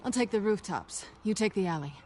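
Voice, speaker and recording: A woman's voice: medium pitch, lively intonation, brisk, dark tone, a little hiss or hum, lightly acted. An actress playing a sly, flirty female cat burglar in a video game. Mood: teasing. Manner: teasing, sly.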